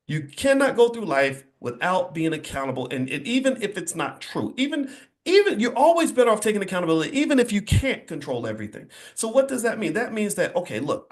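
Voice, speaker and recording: A middle-aged man giving a motivational speech to a live audience in an indoor venue, emphatic and repetitive, with a preacher-like rhythm. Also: high voice. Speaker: motivational speaker.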